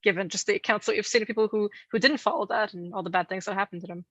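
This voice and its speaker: Woman, podcast co-host, animated, playful asides, dry close sound. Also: medium pitch, rapid-fire, no echo, dull audio. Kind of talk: casual chat, telling folklore.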